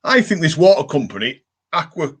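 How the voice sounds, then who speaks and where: A man's voice: medium pitch, moderate pace. Ranting man on a live stream. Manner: ranting, animated, reads viewer comments aloud. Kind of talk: casual live-stream chat.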